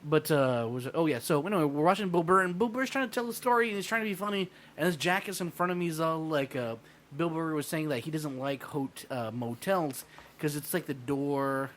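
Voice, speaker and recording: A man's voice: fairly high pitch, lively intonation, a little fast, fairly bright tone, slight background noise. Rambling, hesitant man telling stories. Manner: rambling, hesitant storytelling with many fillers. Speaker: podcast guest. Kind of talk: casual podcast chat.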